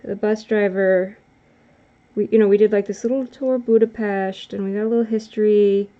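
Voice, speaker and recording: A woman's voice: medium pitch, fairly even intonation, moderate pace, warm tone, muffled recording. A woman vlogger chatting casually while she draws, rambling and correcting herself as she goes. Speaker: art vlogger. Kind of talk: casual chat while drawing.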